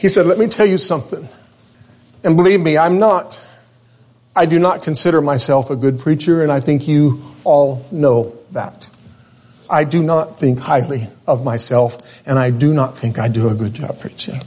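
A male pastor in a higher-than-usual register delivers a sermon to his church. He tells the story with real emotion and draws out the important phrases slowly. The talk feels personal and heartfelt. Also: a little mellow, breathy edge. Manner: emotional storytelling, slowing and stretching key words. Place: church service before a congregation.

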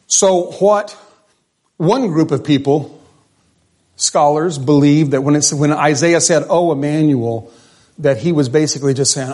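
A man's voice: fairly high pitch, measured pace, a little mellow. A man preaching a sermon in a conversational way, often asking the congregation questions. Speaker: pastor.

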